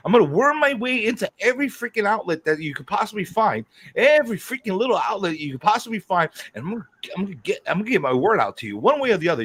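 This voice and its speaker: Man, livestream host, heated profane rant, husky, high voice, lively swooping pitch. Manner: profane, fired-up, repeats himself as he rants.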